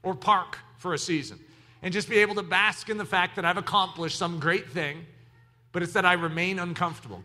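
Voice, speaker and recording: Animated preacher with a bright voice. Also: male voice, high-pitched. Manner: animated, swings from quiet asides to shouted exclamations. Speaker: pastor. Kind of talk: sermon.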